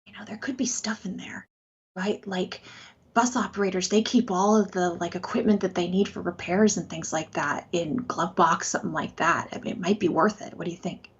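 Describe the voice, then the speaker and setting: Woman as a wary young survivor guy, coaxing undertone, husky, lo-fi. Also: lowish voice, fairly even intonation, fairly quick, pitched below the performer's own voice. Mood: hushed coaxing. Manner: hushed, persuasive. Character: wary male survivor scout, young adult. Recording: slightly dull lo-fi sound.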